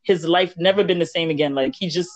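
A woman in a casual faith podcast chat, retelling a story with lively quoted dialogue. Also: lowish voice, quick pace, dry recording. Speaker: podcast co-host. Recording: dull lo-fi dry recording.

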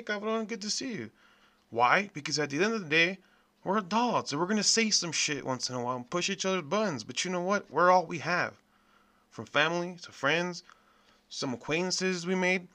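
Bright-voiced man ranting bluntly. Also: high voice. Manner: profane, blunt, animated ranting. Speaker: podcast host. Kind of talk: casual ranting monologue.

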